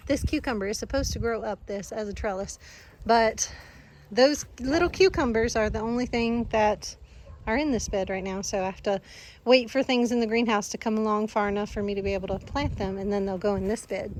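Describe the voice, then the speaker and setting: A woman, chatting casually and telling an animated story outdoors on her farm. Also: medium pitch, a little fast. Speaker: farm vlogger.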